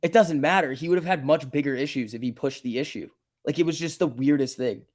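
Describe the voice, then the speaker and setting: A man's voice: fairly high pitch, quick pace, darkish tone. Chatty man on a casual livestream. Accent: New Jersey. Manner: chatty, laughs often, reads chat aloud. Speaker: stock market livestream host.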